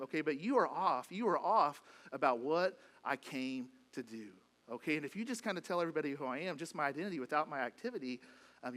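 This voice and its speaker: A man's voice: on the high side, fairly bright tone. A male pastor preaching a sermon in a casual way, often asking "okay?" and acting out what the people in the story say. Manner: conversational preaching, frequent "okay?" check-ins, acts out quotes. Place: church sanctuary.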